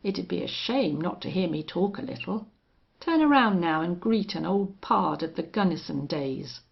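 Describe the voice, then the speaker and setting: A woman voicing a soft-spoken, cold male gunman with a gentle, measured delivery. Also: fairly low pitch, animated, creaky. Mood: cold calm. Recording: dull lo-fi audio.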